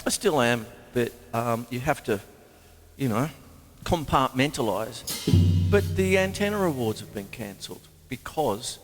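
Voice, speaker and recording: Lively Australian man hosting a drum show. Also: mid-range voice, a little slow, faint music behind. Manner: animated, jokey, breaks into exclamations and laughs. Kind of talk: casual livestream chat.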